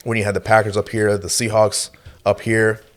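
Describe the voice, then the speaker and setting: A man's voice: lowish voice, normal speed. A young man co-hosting a podcast, chatting casually about football with frequent fillers and easy laughs. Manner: relaxed, laughs often, hedges with fillers. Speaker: podcast co-host. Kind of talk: casual sports chat.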